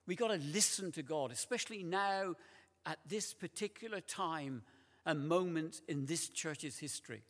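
Guy preaching slow, kinda high voice, big church echo. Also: a bit bright. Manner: slow, deliberate preaching with emphatic repeated words. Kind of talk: sermon. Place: large church. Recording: long church reverb.

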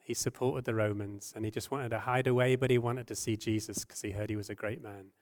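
A man preaching a sermon, earnest and gentle, asking rhetorical questions and dropping his voice and slowing down when he quotes scripture. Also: on the low side, fairly even intonation. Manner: softens and slows when quoting scripture.

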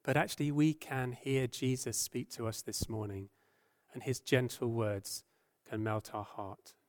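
A man preaching a sermon, earnest and gentle, asking rhetorical questions and dropping his voice and slowing down when he quotes scripture. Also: mid-range voice, fairly even intonation. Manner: softens and slows when quoting scripture.

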